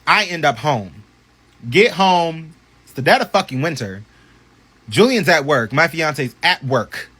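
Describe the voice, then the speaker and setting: A man tells a personal story straight to camera in a casual vlog. His voice sits a little high and sounds bright and forward. He talks in an animated, chatty way, with plenty of swearing and side comments. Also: a little slow, husky. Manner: animated, profane, chatty storytelling with many asides.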